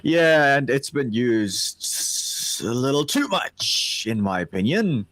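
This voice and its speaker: A man's voice: mid-range voice, no echo. A man co-hosting a livestream, chatting casually while reading a comic and laughing often. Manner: slow, animated, frequent laughter. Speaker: livestream co-host.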